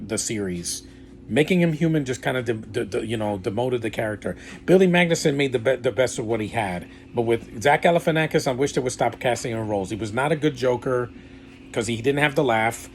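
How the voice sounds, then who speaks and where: A man's voice: medium pitch, lively intonation, brisk, slight background noise. A man giving a casual, rambling film review with blunt opinions and lots of fillers. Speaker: movie reviewer.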